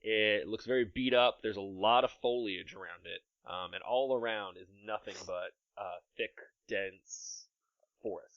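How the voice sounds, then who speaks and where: A man's voice: lowish voice, a little slow, dry recording, muffled recording. A man narrating a tabletop game as game master, descriptive and amused, laughing often.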